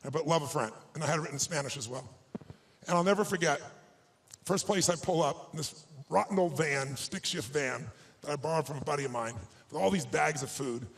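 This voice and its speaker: A man with a fairly high speaking voice delivers a motivational speech to a live audience on stage. He tells a personal story with emphasis and often moves between quiet, hushed passages and louder, stronger ones. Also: a little fast, gravelly, rough recording.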